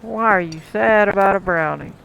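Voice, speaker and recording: A man's voice: sits high, moderate pace, vocal fry, fairly bright tone, slight background noise, rough recording. A man casually commenting while playing a cooking game, talking to the customers and chuckling often. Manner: chatty, talks to the game's customers, chuckles often. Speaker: gameplay commentator.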